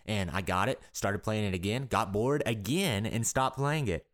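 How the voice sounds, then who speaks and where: A man's voice: fairly low pitch, normal speed. A young man co-hosting a podcast in casual chat, rambling with restarts and laughter. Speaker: podcast co-host.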